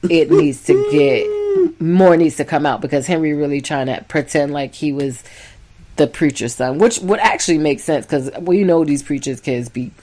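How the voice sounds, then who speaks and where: A woman co-hosting a couple's podcast, telling her side with animated, emphatic storytelling. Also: low voice, moderate pace, slight background noise. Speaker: podcast co-host. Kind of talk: casual couple's podcast chat.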